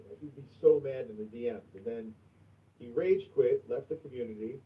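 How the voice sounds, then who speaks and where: A man's voice: mid-range voice, normal speed, recorded from a distance. Crude, profane male stream host. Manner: crude, profane, swings from mumbling to loud outbursts. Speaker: livestream host. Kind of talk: casual livestream chat. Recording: tinny phone-like sound from off mic.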